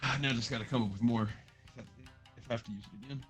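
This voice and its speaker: A man's voice: medium pitch, rapid-fire, faint music behind. A man playing a tabletop game, joking and bantering casually. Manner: joking, animated. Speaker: player.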